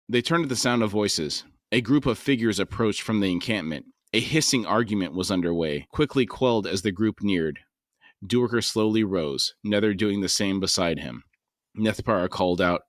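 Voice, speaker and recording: Guy reading a fantasy book out loud on a podcast, dry sound, gives the characters a little voice. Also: fairly low pitch, normal speed, dry recording. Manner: reads dialogue with light character inflection. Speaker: podcast co-host reading aloud. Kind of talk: reading a novel aloud with commentary.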